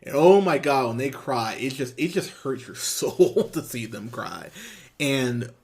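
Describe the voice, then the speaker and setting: A man's voice: mid-range voice, lively intonation, unhurried, a little mellow. Enthusiastic, swearing podcast host man. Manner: enthusiastic, profane, full of restarts and fillers. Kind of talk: casual review chat.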